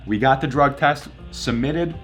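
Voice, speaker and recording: A man's voice: medium pitch, a little slow, fairly bright tone, faint music behind. A young man vlogging, casually telling a story and acting out both sides of the conversations.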